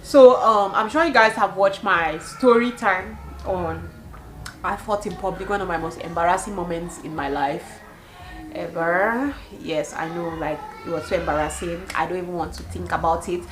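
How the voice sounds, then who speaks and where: A young woman from Cameroon in her twenties, telling a storytime vlog with animated storytelling and bursts of laughter. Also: lowish voice, moderate pace, slight background noise, low-quality recording. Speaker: vlogger.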